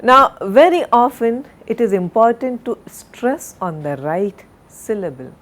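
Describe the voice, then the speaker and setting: Slow, deliberate woman lecturer. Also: a little high, very animated. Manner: slow, deliberate, spells out and repeats words. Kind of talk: recorded university lecture.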